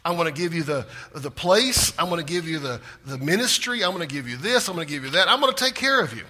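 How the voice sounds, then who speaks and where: A man preaching a sermon with big swings in pitch and loudness, sometimes dropping to a hushed voice for emphasis. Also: lively intonation, fast talker. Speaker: pastor.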